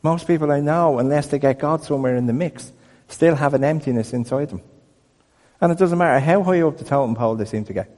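A man preaching a sermon as a pastor, telling stories in a conversational, animated way. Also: a little high, a little fast, in a large hall. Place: church building.

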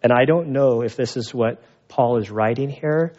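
A pastor giving a sermon, telling stories in a conversational, animated way. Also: male voice, medium pitch, moderate pace, muffled recording. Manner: conversational storytelling with animated asides.

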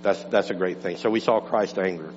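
A male pastor delivering an impassioned sermon, swinging between raised and hushed delivery. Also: sits low, fairly quick. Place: church sanctuary. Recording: dull church recording with long reverb and mains hum.

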